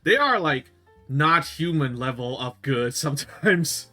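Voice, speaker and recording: A man hosting a casual chat show, talking with eager enthusiasm and frequent halting restarts. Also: fairly high pitch, expressive, pushed and bright, faint music behind. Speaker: host.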